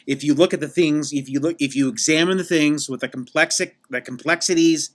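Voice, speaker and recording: A man's voice: fairly high pitch, brisk, lightly acted. A man playing a pompous podcast guest who rambles and keeps restarting his sentences in a comedic interview. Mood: rambling. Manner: rambling, repeats himself, many restarts. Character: rambling self-important male podcast guest, adult.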